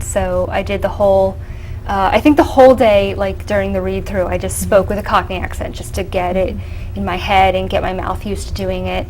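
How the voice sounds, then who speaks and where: A young adult woman, an actress, chatting casually in an interview, animated and full of fillers. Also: mid-range voice, fairly quick, slight background noise, low-quality recording. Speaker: actress guest.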